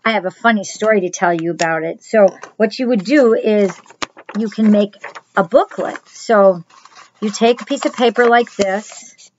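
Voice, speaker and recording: A middle-aged woman, a children's pastor, giving a chatty crafts lesson and speaking straight to the children in a gentle way. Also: medium pitch, moderate pace, muffled recording, slight background noise.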